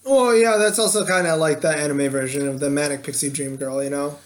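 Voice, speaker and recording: A man's voice: on the high side, brisk. A young man in casual chat, rambling and filling his talk with "like" and "you know". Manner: rambling, heavy use of "like" fillers.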